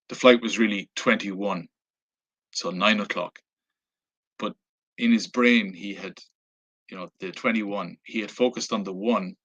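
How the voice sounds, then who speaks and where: A man's voice: lowish voice, fairly bright tone. A man with an Irish accent, casually recounting a travel story, with lots of fillers and restarts. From Ireland. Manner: rambling, many fillers and restarts. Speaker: travel vlogger. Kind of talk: casual anecdote telling.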